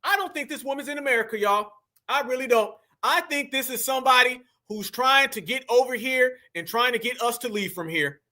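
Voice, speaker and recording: A man with a strikingly high, bright and cutting voice talks to his livestream audience. He mocks and teases in a loose, joking commentary style. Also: lively intonation, a little fast. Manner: mocking, teasing, addresses chat directly. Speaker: livestream host. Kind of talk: casual reaction commentary.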